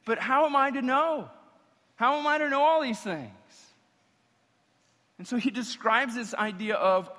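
A man preaching with a bright, sharp voice that sits a little high for a man. He delivers an animated sermon and fires off joking rhetorical questions. His voice carries a long reverb through a church sanctuary. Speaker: pastor. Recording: long reverb of a large hall.

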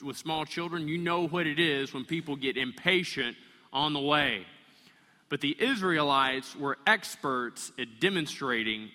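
A man preaching a sermon, animated and storytelling, acting out the voices of the people in the story. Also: on the high side, in a large hall. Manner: animated, acts out voices of complaining people and kids. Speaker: pastor.

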